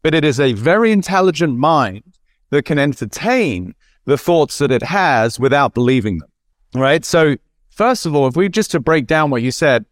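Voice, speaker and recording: A man's voice: fairly high pitch, expressive, normal speed, no echo, clean studio sound. A man, a podcast guest, talking bluntly and animatedly, ranting a little, with casual swearing. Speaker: guest, mindset coach. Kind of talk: casual conversational interview.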